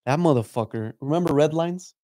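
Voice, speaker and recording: A man's voice: a little high, brisk, dark tone, no echo, clean studio sound. A man guesting on a podcast, telling stories in a rambling, profane way and saying "dude" a lot. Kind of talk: casual chat.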